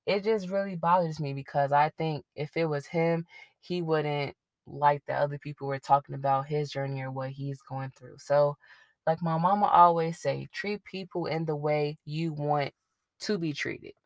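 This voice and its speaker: A woman's voice: deep voice, steady tone, moderate pace, dry recording. A young woman hosting her own podcast, chatting casually and rambling a little, with the odd stumble over her words. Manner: conversational, rambling, admits getting tongue-tied. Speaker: podcast host. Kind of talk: casual solo podcast commentary.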